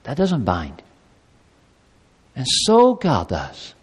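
A man preaching a sermon as pastor, animated, sometimes speaking God's words in a pleading tone. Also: medium pitch, drawn-out words, breathy edge. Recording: long hall reverb.

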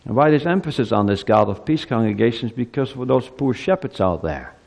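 A man in his fifties preaching a Christmas sermon to his congregation. His delivery swings between soft, quiet asides and loud, high climaxes. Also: expressive, fairly quick, vocal fry, big-room sound. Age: 50s. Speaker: pastor.

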